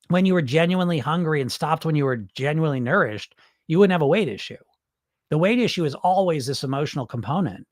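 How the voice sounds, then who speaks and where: Middle-aged male coach, casual live-stream talk, emphatic and plain-spoken, fairly high voice, dry. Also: animated, fast, no echo. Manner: blunt, emphatic, repeats "okay?" and "right?". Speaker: weight loss hypnotist and coach.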